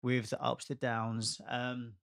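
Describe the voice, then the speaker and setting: A man's voice: mid-range voice, monotone, takes it slowly, gravelly, a bit bright, no room sound, studio quality. A man chatting as a friend and co-host, speaking encouragingly and supportively. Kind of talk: casual podcast conversation.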